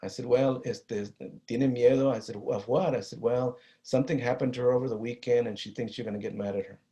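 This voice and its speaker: A middle-aged man with a Chicano East Los Angeles accent, telling a personal story in a talk, earnest and halting, with many restarts and Spanish phrases. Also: mid-range voice, steady tone, dark tone. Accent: Chicano English from East Los Angeles. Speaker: guest speaker on violence prevention.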